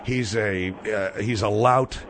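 A man's voice: on the low side, fairly even intonation, takes it slowly, fairly bright tone, slight background noise. A man hosting a talk radio show. He argues in a combative, sarcastic way.

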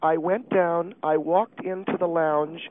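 A man's voice: a little high, steady tone, slight background noise, pitched above the performer's own voice, natural voice. A man playing a distraught, prim housewife on a tinny phone line. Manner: halting, breathless, self-pitying confession. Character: distraught, prim middle-aged wife calling in. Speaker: caller.

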